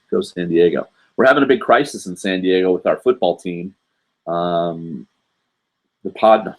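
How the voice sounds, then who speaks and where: A low-voiced American man in his forties hosts a live online show and chats casually with viewers. He rambles from one aside to another, filling the gaps with plenty of ums and uhs.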